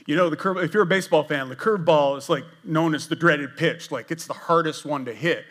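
Man, church pastor, chatty sermon with jokes and asides to the crowd, bright tone, slightly high voice. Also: fairly quick. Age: older. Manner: jokey, self-deprecating, animated with asides to the congregation. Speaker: executive pastor. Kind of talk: conversational sermon. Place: church sanctuary.

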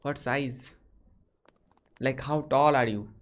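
A man's voice: medium pitch, takes it slowly. A man from India hosting casual video chats with strangers and asking lots of short, curious questions over a video call. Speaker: host.

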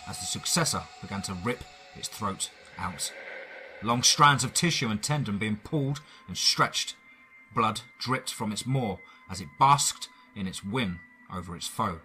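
A man with an English accent narrating a first-person horror story dramatically, with pauses and shifting loudness. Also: lowish voice, a little hiss or hum.

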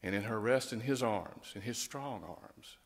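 Gentle pastor in a reverberant hall. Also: male voice, on the low side, measured pace. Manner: gentle and tender, rising to lively storytelling. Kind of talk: funeral eulogy and prayer.

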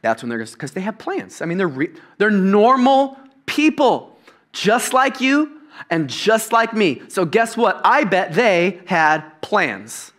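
Animated joking male pastor preaching. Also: high-pitched, unhurried. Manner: joking, animated storytelling with asides. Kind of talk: sermon. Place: church stage.

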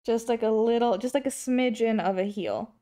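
A young Englishwoman with a warm, higher-pitched voice chats at a moderate pace as she draws on an art stream. Her talk rambles and restarts, with plenty of laughter and occasional swearing.

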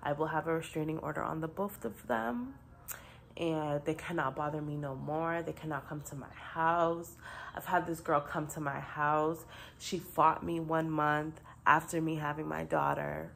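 Gravelly low-voiced young woman vlogger. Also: steady tone, moderate pace, fairly bright tone, a little hiss or hum. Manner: frustrated, blunt and profane. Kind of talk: casual vlog rant.

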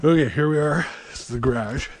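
A man's voice: medium pitch, fairly quick, slight background noise. A middle-aged man vlogging while walking outdoors through his garden, chatty and rambling with many fillers, a little out of breath. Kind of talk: casual walking vlog.

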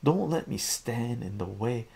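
A woman's voice: very deep voice, animated, unhurried, vocal fry, mellow, slightly rough, heavily acted. A man voicing a jealous, indignant teenage girlfriend from a comic.

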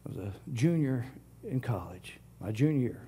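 A middle-aged man preaching a sermon, swinging from loud declarations to hushed whispers. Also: mid-range voice, animated, normal speed, slight background noise. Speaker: pastor.

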